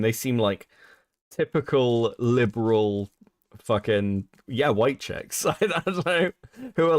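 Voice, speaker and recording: A man hosts a livestream and rants in an exasperated, foul-mouthed way. His pitch swings widely from line to line, and his voice sounds dry and close, with no room around it. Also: dry recording. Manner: profane, exasperated ranting. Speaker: stream host. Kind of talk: casual livestream chat.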